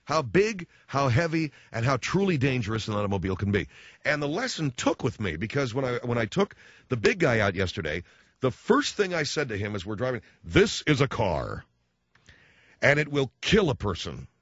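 A man's voice: medium pitch, big pitch swings, a little fast, fairly bright tone, no room sound. A man in his forties delivering a rambling, self-mocking comedic monologue as a radio host. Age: 40s. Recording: slightly dull lo-fi recording.

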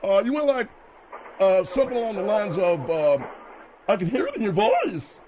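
A man's voice: high voice, lively intonation, moderate pace, highs cut off, a crowd in the background. A man voicing a hesitant studio assistant who reluctantly admits the truth.

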